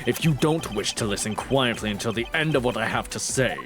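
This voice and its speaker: Haughty aging ambassador, low and condescending, put on by a man. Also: expressive, a little fast, close to an everyday voice. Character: pompous older male ambassador, smug.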